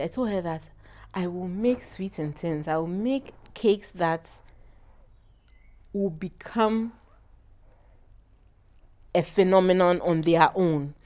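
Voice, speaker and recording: A woman in her thirties with a Ghanaian accent, a guest on an interview show, telling her story in lively, animated talk. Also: on the low side, unhurried, pauses often. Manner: animated storyteller, acts out quoted voices. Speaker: guest, cake business founder.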